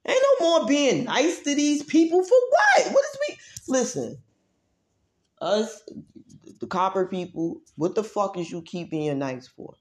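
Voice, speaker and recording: A woman vlogger in a heated, profane rant who drives her points home by repeating herself and swings between loud outbursts and low muttering. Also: big pitch swings, unhurried. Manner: profane, emphatic, repeats phrases for force. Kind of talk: heated ranting monologue.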